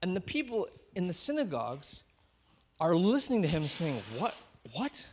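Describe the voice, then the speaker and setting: Pastor guy telling a story in his sermon, fairly high voice, really lively and bouncy. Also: normal speed, a little hiss or hum. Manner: animated storytelling, acting out voices.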